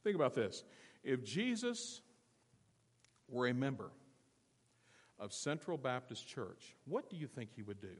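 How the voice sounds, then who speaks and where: A man preaching a sermon to his church, asking the congregation questions and swinging between quiet and loud passages. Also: mid-range voice, big pitch swings, measured pace, pauses often, husky, long reverb tail. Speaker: pastor. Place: church sanctuary.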